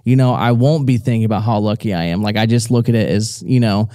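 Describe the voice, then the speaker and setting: A man's voice: lowish voice, steady tone, fast, warm tone, no room sound, studio quality. A young man co-hosting a live show, chatting playfully and jokingly with stretched-out emphasis. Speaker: co-host. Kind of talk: casual live Q&A chat. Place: stage at a live audience event.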